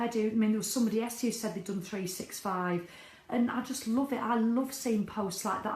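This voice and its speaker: A woman's voice: mid-range voice, a little mellow. Chatty woman in an echoey room. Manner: chatty, candid, swears freely. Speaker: vlogger. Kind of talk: casual video diary.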